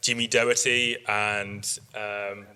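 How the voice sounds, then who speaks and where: Bright-voiced man telling stories. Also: on the low side, flat delivery, slow pace, smooth. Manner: chatty storyteller, acts out quotes, laughs often. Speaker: sheep breeder giving a workshop talk. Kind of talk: informal presentation to an audience. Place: live workshop in front of an audience.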